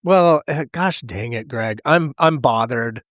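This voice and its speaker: A man hosting an interview in a relaxed, conversational way, with brief acknowledgments. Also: mid-range voice, slow, no room sound, clean studio sound. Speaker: host. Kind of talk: casual interview talk.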